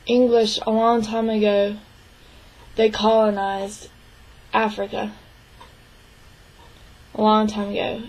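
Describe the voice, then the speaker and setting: A young woman interpreting a signed interview into spoken English, speaking in short, halting phrases with restarts and frequent throat clearing. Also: mid-range voice, little pitch movement, a little mellow, low-quality recording. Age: young adult. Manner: clears her throat often. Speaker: sign language interpreting student.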